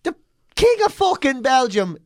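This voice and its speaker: A man's voice: very high voice, very animated, moderate pace, dry recording, studio quality. A man in his forties with an Irish accent, co-hosting a podcast in casual, sweary, mocking banter. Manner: sweary, mocking, rambling storyteller. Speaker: podcast co-host.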